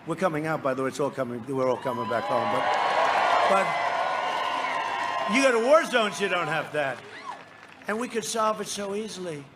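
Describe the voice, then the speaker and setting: A man's voice: on the high side, lively intonation, normal speed, pauses often, very noisy. A man giving a campaign rally speech, boastful and rambling, bantering with the crowd from the stage. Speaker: political speaker at a rally. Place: outdoor rally before a large crowd.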